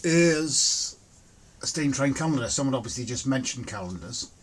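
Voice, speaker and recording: A man hosting a relaxed home livestream, chatting casually and greeting viewers by name. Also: mid-range voice, normal speed, a little hiss or hum. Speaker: livestream host. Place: home, indoors.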